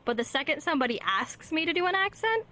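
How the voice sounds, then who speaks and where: A woman's voice: high voice, very animated, fast, sharp tone. A woman who streams, a guest in a casual interview, talking candidly and explaining at length.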